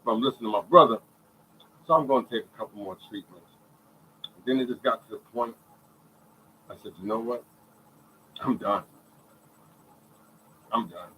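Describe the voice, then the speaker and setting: A man telling his own story in a casual, animated way, repeating phrases and checking in with listeners. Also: mid-range voice, brisk, pauses often, slight background noise, rough recording. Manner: animated storytelling, many repeated phrases, often asks "you hear me". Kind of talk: casual spoken testimony.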